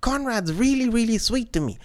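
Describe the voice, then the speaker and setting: A dreamy, wistful young wife, gushing about her lover in a lifted, swooping voice, as a man puts her on. She talks high, with no rasp. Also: lively intonation, moderate pace, darkish tone. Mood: smitten. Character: sulky unfaithful white wife, young woman.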